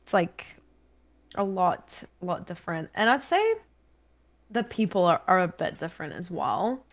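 A woman's voice: on the low side, moderate pace. A young woman from New Zealand with a mild New Zealand accent, chatting casually as a podcast guest, full of "like" and fillers. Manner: chatty, animated, with frequent fillers. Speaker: guest, streamer.

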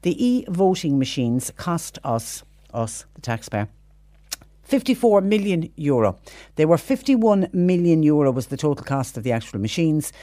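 A woman's voice: deep voice, sing-song, normal speed, warm tone, dry recording. A woman with a Cork accent hosting a radio phone-in, chatty and emphatic. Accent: Irish, Cork. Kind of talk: talk radio chat.

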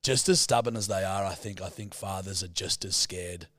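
An Australian man co-hosting a podcast, telling animated stories full of swearing and voice impressions in casual chat. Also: low voice, moderate pace, no echo, studio quality. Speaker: podcast co-host.

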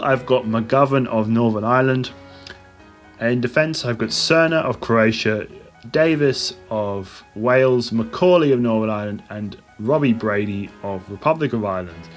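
A man hosts his own podcast, rattling off team after team in a relaxed, chatty rundown. His voice sits at an ordinary pitch for a man, with faint music playing softly under it. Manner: casual, listing teams in a steady rundown. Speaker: podcast host. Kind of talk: solo football podcast predictions.

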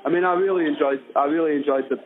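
A man calling in on a thin, phone-like line, his voice sitting a touch high. He talks casually and haltingly, often starting a phrase twice before finishing it. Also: fairly even intonation. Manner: hesitant, many restarts. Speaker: guest fan on the phone. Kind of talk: casual chat.

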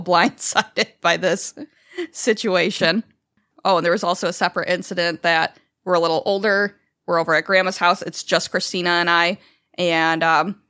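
A woman co-hosting a podcast, telling childhood family stories in a lively, casual way, swearing freely and acting out what others said. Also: fairly low pitch, dry recording, studio quality. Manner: animated, swears freely, acts out quotes. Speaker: podcast co-host. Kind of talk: casual storytelling chat.

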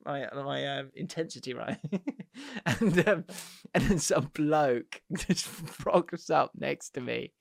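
Man, 30s, chatty co-host, fairly high voice, dry close mic. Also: animated, takes it slowly, creaky, no echo. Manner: laughs often, reads listener messages aloud. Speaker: podcast co-host. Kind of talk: casual chat.

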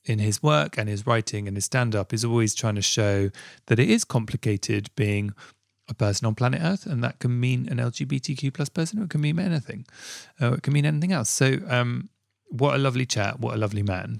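A man's voice: medium pitch, brisk, vocal fry, no room sound, studio quality. A man hosting a podcast interview, talking in an effusive, rambling way with many restarts. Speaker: podcast host. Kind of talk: casual interview and outro.

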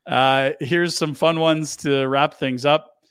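A man's voice: a little high, fairly even intonation, takes it slowly, a bit bright, smooth, no echo. A man in his forties hosting a sports radio show in a studio, joking and teasing in casual banter.

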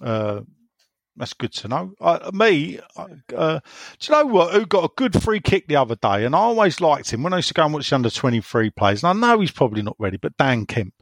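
A man's voice: on the high side, very animated, brisk, dry recording. A chatty man hosts a football podcast, his voice rising and falling freely as he drifts into opinionated asides. The sound is close and dry, with no room around it. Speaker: podcast host reading listener messages. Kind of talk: casual football podcast chat.

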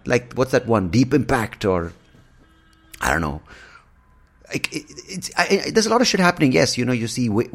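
A man hosting a podcast, talking through a casual, rambling monologue with frequent restarts and swearing. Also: lowish voice. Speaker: podcast host.

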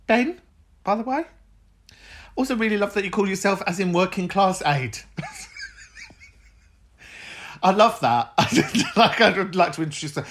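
A woman's voice: medium pitch, animated, measured pace, long pauses. A woman hosting a podcast, chatting casually about listener messages, swearing freely and laughing often. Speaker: podcast host.

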